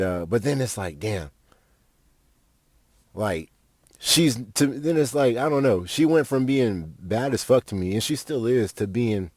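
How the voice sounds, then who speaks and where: A man's voice: lowish voice, a little mellow, dry recording, studio quality. A young man, a podcast host telling a rambling, profane story with lots of fillers. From Fort Worth, Texas. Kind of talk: casual storytelling monologue.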